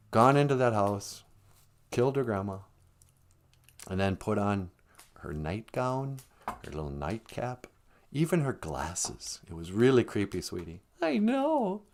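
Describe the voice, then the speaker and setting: A man's voice: lowish voice, animated, measured pace, pauses often, a little mellow. A man telling a folk tale casually on a live stream, rambling with joking asides and self-corrections. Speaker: storyteller.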